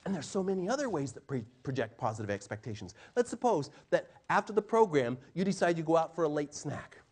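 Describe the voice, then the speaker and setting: A middle-aged man, a communication trainer, giving an animated live seminar talk to a room and acting out quotes in changing voices. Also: fairly high pitch, fast talker.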